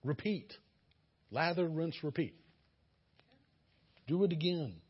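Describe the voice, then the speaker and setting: A man preaching with a very husky, breathy voice that sits a little high for a man. He exhorts his listeners earnestly and slips into imagined voices. The recording sounds dull and lo-fi. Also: expressive, takes it slowly. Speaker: pastor. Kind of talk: sermon.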